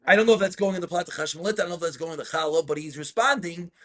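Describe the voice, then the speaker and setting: Excitable rabbi with a high voice. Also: male voice, rapid-fire. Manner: reads Hebrew texts aloud and explains them, asks students questions. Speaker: rabbi teaching Jewish law. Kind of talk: in-depth study class.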